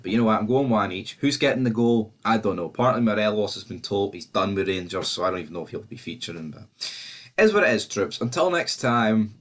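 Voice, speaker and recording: Give me a Scottish man with a fairly low voice, talking fast and sweary in a fan's match preview. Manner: sweary and animated, fan talk. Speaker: football fan vlogger. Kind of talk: casual match preview vlog.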